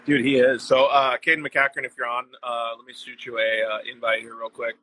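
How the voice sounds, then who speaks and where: A man's voice: mid-range voice, little pitch movement, brisk, background noise. A man hosting a casual live-stream chat show, enthusiastic and rambling with lots of fillers. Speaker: show host.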